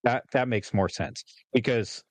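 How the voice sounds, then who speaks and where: A man's voice: medium pitch, a little slow, no room sound. A man in his forties from California, co-hosting a podcast in a rambling casual chat full of fillers and laughs. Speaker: podcast co-host.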